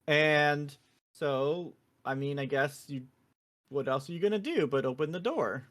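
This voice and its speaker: A woman hosting a podcast, casually retelling a video game in a profane, animated way full of fillers. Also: low voice, measured pace. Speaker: podcast host.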